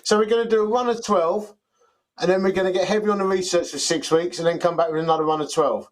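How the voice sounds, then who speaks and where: A man co-hosting a casual chat show. He jokes and banters easily, and his voice sits a little higher than most men's. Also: steady tone, fast, poor audio. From East London. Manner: jokey, chatty, laughs easily. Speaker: co-host.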